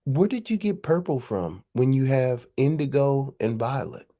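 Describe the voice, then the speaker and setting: A woman's voice: a bass voice, lively intonation, measured pace, mellow. A woman hosting a live stream, talking casually and firing off profane rhetorical questions.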